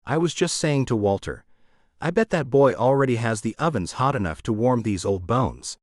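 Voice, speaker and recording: A man's voice: medium pitch, expressive, moderate pace, no room sound, studio quality, lightly acted. A man reading an audiobook, voicing an imperious, nosy older woman who plays matchmaker. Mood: imperious, sly. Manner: imperious, sly. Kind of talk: audiobook character voice.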